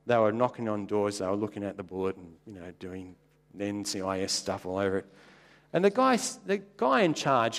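A man preaching a sermon as a pastor, telling wry anecdotes and jumping up in pitch for emphasis. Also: big-room sound. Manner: wry, anecdotal storytelling with sudden jumps in pitch.

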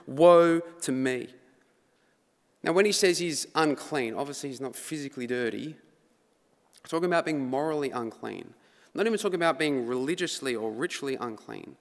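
A man delivers a sermon in a church hall, his voice sitting a bit high for a man. He talks in a conversational way, then pushes into dramatic emphasis. The hall adds a long, lingering reverb. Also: a bit bright. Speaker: preacher.

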